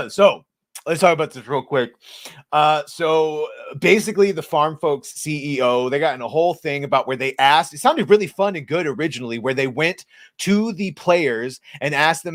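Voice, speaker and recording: A man's voice: on the high side, expressive, normal speed, fairly bright tone, dry recording, studio quality. A man co-hosting a podcast in casual chat, profane, rambling and sarcastic. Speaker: podcast co-host.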